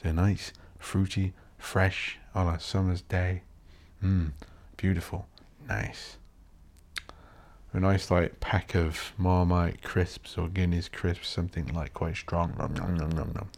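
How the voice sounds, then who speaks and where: A man's voice: deep voice, little pitch movement, slow pace, a little mellow. A man hosting a solo podcast, rambling and ranting with plenty of swearing. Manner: swears a lot, rants and mocks posh voices. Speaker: podcast host.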